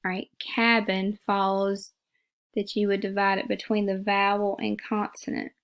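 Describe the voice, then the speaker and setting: A woman's voice: mid-range voice, little pitch movement, a little slow. A woman teacher giving a phonics lesson, patiently repeating words and sounding them out syllable by syllable.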